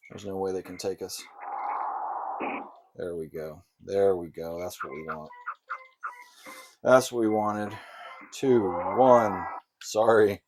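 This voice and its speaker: Jokey low-voiced man playing retro games. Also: takes it slowly, long pauses, background noise. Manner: jokey, sarcastic, loud outbursts at the game. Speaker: gamer. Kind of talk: casual gameplay commentary.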